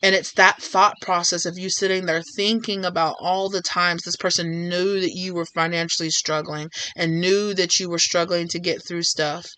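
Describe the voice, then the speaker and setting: A woman's voice: lowish voice, little pitch movement, normal speed, few pauses, bright, forceful tone, smooth. A woman giving a casual tarot reading to her viewers, rambling with lots of fillers and acting out imagined conversations. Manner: rambling, filler-heavy, acts out imagined dialogue. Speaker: tarot reader.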